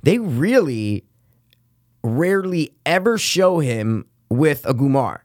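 A man's voice: fairly high pitch, very animated, takes it slowly, no room sound, clean studio sound. A man co-hosting a podcast in casual chat, loose, rambling and profane. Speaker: podcast co-host.

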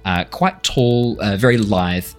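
A man's voice: on the low side, unhurried, soft background music. A man narrating as game master of a tabletop game, laughing often and swearing casually.

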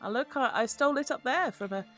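A woman's voice: high voice, lively intonation, fast. A woman voicing a theatrical, boastful male cat burglar who is half cat, with faint music behind. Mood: smug.

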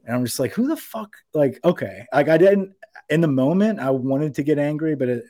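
A man's voice: fairly high pitch, brisk, dry recording, studio quality. A young man casually telling a long, rambling anecdote on a podcast, swearing freely and acting out what everyone said. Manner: rambling, animated anecdote with profanity and quoted voices. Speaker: podcast co-host. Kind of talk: casual storytelling.

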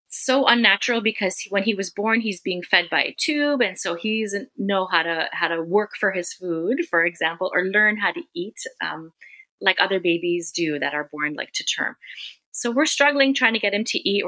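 A middle-aged woman, a podcast guest, telling a personal story in an animated, conversational way. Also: medium pitch. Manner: animated, acts out quoted people.

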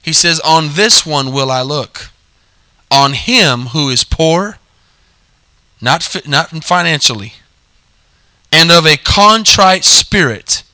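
Bright-voiced man preaching a sermon. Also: on the high side, expressive, no echo. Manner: call-and-response preaching, drawn-out scripture reading. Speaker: pastor.

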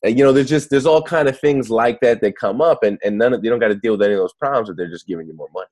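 A man being interviewed as an author, talking in a lively way and often restarting his phrases. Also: medium pitch, racing. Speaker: guest author. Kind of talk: conversational interview.

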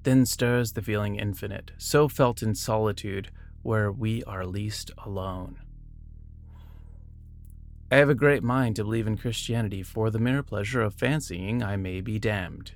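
A man's voice: lowish voice, measured pace, vocal fry. A man reading short biographies and quotes aloud, breaking off now and then for casual asides and small self-corrections.

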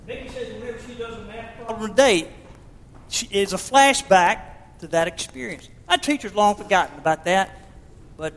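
A pastor with a high voice preaches to his congregation, plain and direct as he addresses the people in front of him. The sound is a church sanctuary with a long hall reverb. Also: fairly bright tone, husky. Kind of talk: sermon.

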